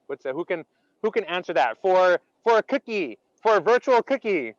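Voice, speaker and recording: Energetic male workshop host, high voice, chatty, quizzes the audience, dry dull video call sound. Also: normal speed, no echo. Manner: energetic, asks the audience many questions; chatty, many "like" fillers. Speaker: laughter workshop leader. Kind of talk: interactive online workshop talk.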